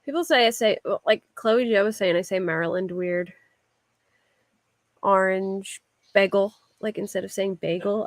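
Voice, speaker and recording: A woman's voice: mid-range voice, fairly even intonation, unhurried, no echo. A woman with a Philadelphia accent, streaming live and chatting loosely with viewers, using lots of filler words. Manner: rambling, with frequent "like" fillers. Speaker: livestreamer. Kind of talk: casual chat answering a live chat.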